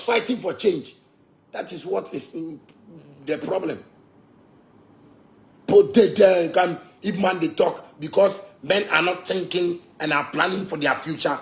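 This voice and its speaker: A man with a Ghanaian accent, a musician ranting boastfully and with swearing, slipping into Pidgin. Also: a little high. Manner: boastful, profane, mixes Pidgin. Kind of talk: heated rant.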